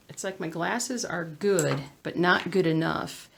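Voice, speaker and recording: Low gravelly Southern woman. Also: a little slow, a little hiss or hum. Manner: chatty, muttering to herself, drops into whispers. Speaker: cross-stitch vlogger. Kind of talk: casual chat while stitching. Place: at home.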